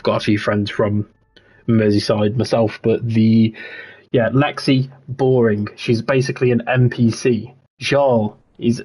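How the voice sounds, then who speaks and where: A man's voice: mid-range voice, a little mellow, slightly rough. A young man, chatting casually and rambling on a livestream while he plays a game, laughing often and restarting his sentences. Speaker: streamer.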